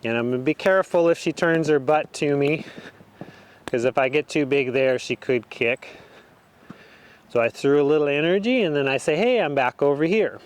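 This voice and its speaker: A man training a horse outdoors, talking the viewer through each step in a relaxed, casual way. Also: a little high, normal speed, clear, resonant tone. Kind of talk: casual instruction while working a horse.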